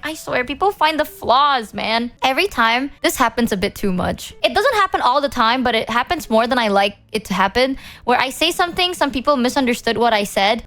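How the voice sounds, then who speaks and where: A woman's voice: fairly high pitch, a bit bright. A young woman streamer talking casually to her chat, rambling and self-doubting, often restarting her sentences. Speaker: VTuber streamer.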